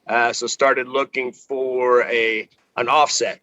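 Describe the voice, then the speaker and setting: A man from Texas, guest on a barbecue podcast, chatting in a relaxed way with many pauses, on a video call from outdoors. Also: mid-range voice, poor audio. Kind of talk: casual podcast conversation.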